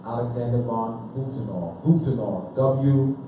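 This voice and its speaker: A man's voice: a little high, slow pace, noisy background. A man giving an informal history lecture who questions his listeners and repeats points for emphasis. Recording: echoey room, speaker far from the mic.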